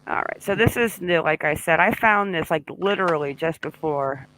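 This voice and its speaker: A woman's voice: lowish voice, moderate pace, a bit bright, poor audio. A woman hosting a casual live true-crime discussion, chatting and greeting viewers by name. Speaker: livestream host.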